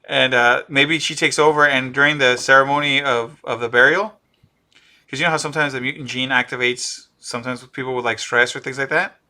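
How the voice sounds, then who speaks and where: Excitable man with a bright, forceful voice. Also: mid-range voice, fairly quick. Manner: animated, excitable, riffs on ideas and laughs. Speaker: podcast co-host. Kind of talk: casual pop-culture chat.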